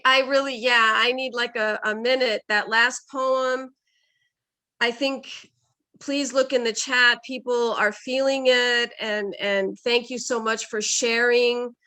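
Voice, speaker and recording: A woman hosting an online poetry reading over a video call, halting and effusive and stumbling over her words. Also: on the high side, pushed and bright. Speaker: event host.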